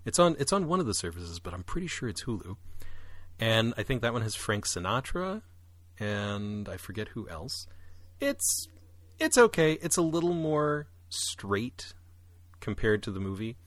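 A man co-hosting a podcast, chatting casually and with animation about musicals, with quick jumps up in pitch for asides. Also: very animated, no room sound. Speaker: podcast co-host.

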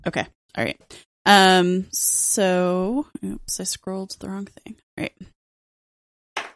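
A woman speaks slowly at a tabletop game, counting dice aloud and calling her attacks. Her voice is dry and close. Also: mid-range voice, flat delivery, no echo. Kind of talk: casual tabletop game talk.

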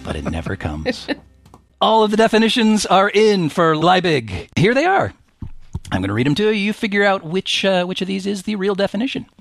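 A man's voice: high-pitched, wildly swooping pitch, normal speed, creaky, no echo. A man hosting a comedic podcast word game, joking and laughing often. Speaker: game show host.

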